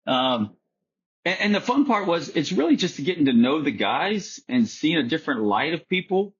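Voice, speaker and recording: A man with a husky, slightly breathy voice tells stories as a podcast guest. He rambles, stops and restarts his sentences, and fills gaps with ums. The recording sounds a little dull and lo-fi. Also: on the high side, very animated, normal speed. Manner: rambling, with frequent restarts and fillers. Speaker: guest golfer. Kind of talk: casual storytelling chat.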